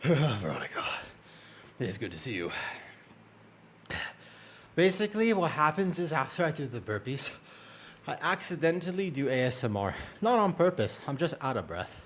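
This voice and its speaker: Excitable male game streamer, lively pitch. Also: a little hiss or hum. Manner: chatty and excitable, lots of quick exclamations. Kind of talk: casual live-stream chat.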